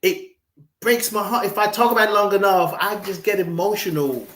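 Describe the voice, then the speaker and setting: Expressive man in an echoey room. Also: sits high, fairly quick. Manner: expressive, animated, breaks into emotional storytelling. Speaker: guest. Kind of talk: reflective conversation.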